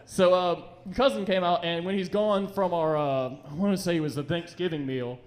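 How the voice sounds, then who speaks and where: A young man doing a rambling, profane stand-up set in a comedy club, slipping into quick voices for the people in his stories. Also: high voice, steady tone.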